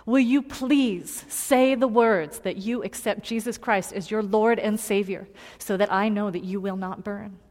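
A woman's voice: mid-range voice, steady tone, unhurried, few pauses, darkish tone, close to an everyday voice. A woman preacher voicing a devout young man pleading through tears, in her own voice. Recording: long hall reverb.

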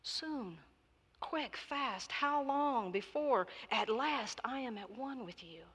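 A woman's voice: fairly high pitch, expressive, takes it slowly, fairly bright tone, breathy edge, voice pushed up, exaggerated voice. A woman voicing an impatient monk in a read parable, raised and urgent, in a reverberant hall. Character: impatient praying monk longing for God. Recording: long reverb of a large hall.

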